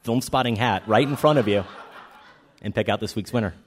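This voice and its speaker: A man's voice: lowish voice, brisk, a little hiss or hum. A man co-hosting a film podcast live on stage, bantering in a playful, self-deprecating way. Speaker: podcast co-host. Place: live stage before an audience.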